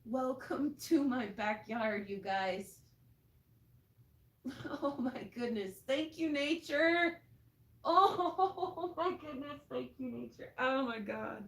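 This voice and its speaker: A high-voiced woman, breathless and overwhelmed, exclaims and murmurs in slow, drawn-out phrases. She is outdoors in her backyard at night, a little away from the mic, with a roomy, open echo around her. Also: far from the mic. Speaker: livestreamer. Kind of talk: live-stream reaction.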